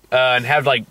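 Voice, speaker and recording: Male host, bright timbre; loose, profane, laughing movie-review banter. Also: on the high side, slightly rough, no echo. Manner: laughs often, swears, rambling asides. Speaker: podcast host. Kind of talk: casual movie review chat.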